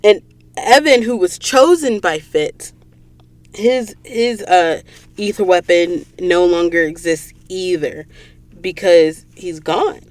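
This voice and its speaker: A woman's voice: fairly low pitch, slow pace, no room sound. Woman doing a casual book recap podcast, gets really emotional, talks right to her listeners. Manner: emotional, dramatic storytelling, talks straight to listeners. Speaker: podcast host. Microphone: studio mic in a recording booth.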